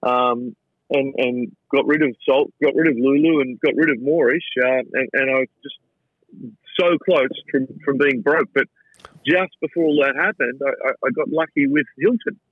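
An Australian chef and restaurateur, appearing as an interview guest, tells casual anecdotes in a relaxed, rambling, chatty way, stumbling over and repeating his words. His husky, medium-pitched voice moves at a moderate pace through a narrow, tinny, phone-like channel. The sound is dry, with no room around it.

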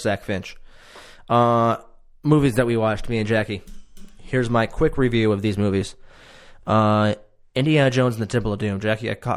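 A man's voice: lowish voice, creaky. A man hosting a podcast, talking in a laid-back, earnest way and often repeating words. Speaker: podcast host. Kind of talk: casual chat.

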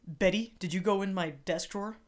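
A woman's voice: mid-range voice, brisk, lightly acted. A woman playing a smug, patronizing 1960s husband. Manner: dry, patronizing deadpan. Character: smug 1960s ad-man husband, male, middle-aged.

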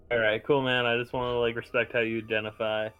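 A man's voice: medium pitch, level tone, moderate pace, a bit bright, clean tone, muffled recording. A young man playing a tabletop game, talking in a loose, joking stoner-dude way full of "man" and "yo". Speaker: player. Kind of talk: casual in-character chat.

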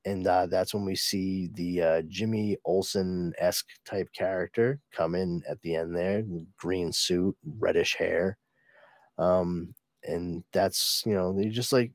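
A man's voice: deep voice, steady tone, slow, dry recording. Guy recapping a comic on his podcast, rambly, swears a lot, uh and um everywhere, dry close sound. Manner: rambling, profane, many fillers. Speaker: podcast host reviewing comics.

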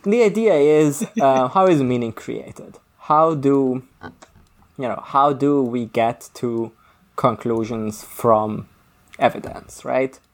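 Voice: mid-range voice, slow pace. A podcast co-host thinking aloud about a book, often restarting and self-correcting mid-sentence. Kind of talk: casual book discussion.

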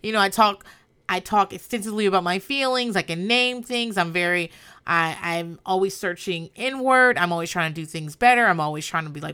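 A woman's voice: mid-range voice, a little fast, pushed and bright, smooth. A woman hosting a casual podcast recap, talking bluntly with lots of swearing and laughter. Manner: blunt and profane, with frequent laughter. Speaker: podcast host. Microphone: podcast microphone.

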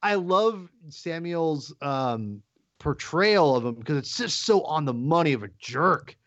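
A man hosting a casual watch-along chat, animated and playful, often repeating himself. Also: on the high side, a little slow, dull audio.

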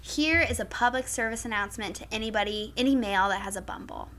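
A young woman co-hosting a podcast, telling animated, profane stories in casual chat. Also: fairly high pitch, fast talker, a little hiss or hum. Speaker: podcast co-host.

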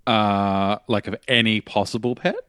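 Lower-voiced man with teasing quips. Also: steady tone, unhurried, a bit bright, clear, resonant tone, dry recording, clean studio sound. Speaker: podcast co-host, audio engineer. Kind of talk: casual podcast chat.

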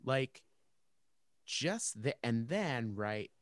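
A man's voice: medium pitch, wildly swooping pitch, measured pace, gravelly, dry recording, clean studio sound. A man co-hosting a podcast in casual chat who laughs easily and reads passages aloud. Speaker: podcast co-host.

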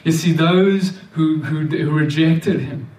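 Sounding a little high and somewhat dark, a man preaches a sermon slowly and earnestly, repeating himself and often restarting or stammering over words. He is far from the mic, and the room is echoey.

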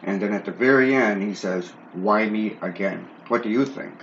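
A man's voice: on the low side, a little fast. Male co-host, easygoing and agreeable, echoey room, dull lo-fi sound. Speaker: paranormal investigation show co-host. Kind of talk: casual commentary on recordings. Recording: echoey, muffled lo-fi recording with faint hiss.

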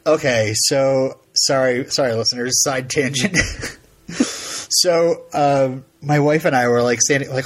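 Male podcast co-host, husky voice, rambling anecdotes and bursts of laughter. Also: mid-range voice, measured pace. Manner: rambling, laughs often, acts out quotes. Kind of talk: casual chat.

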